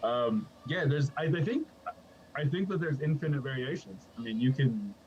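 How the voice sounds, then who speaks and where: A man's voice: medium pitch, lively intonation, normal speed, darkish tone, muffled recording, a little hiss or hum. A man co-hosting a podcast in casual chat, rambling from thought to thought, laughing often and checking in with "right?". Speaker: podcast co-host.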